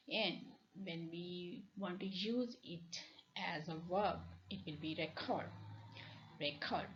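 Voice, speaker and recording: A woman with a Pakistani English accent delivers a recorded university lecture in a low-pitched voice. She talks deliberately, repeating and rephrasing her points with plenty of fillers. The recording sounds dull and lo-fi. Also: gravelly.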